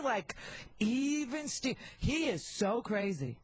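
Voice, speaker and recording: Middle-aged woman, talk radio host, husky, candid and wisecracking, rambling asides into a handheld mic. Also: on the low side, lively intonation, normal speed, poor audio.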